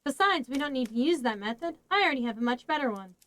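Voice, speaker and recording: A woman's voice: high-pitched, lively intonation, fast talker, a bit bright. A woman voicing an earnest young monster girl in a storybook reading, speaking eagerly.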